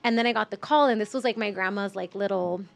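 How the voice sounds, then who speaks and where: A woman's voice: medium pitch, quick pace, vocal fry, faint music behind. Rambling woman telling a personal story. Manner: rambling, heavy use of "like", emotional retelling. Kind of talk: casual storytelling in a podcast chat.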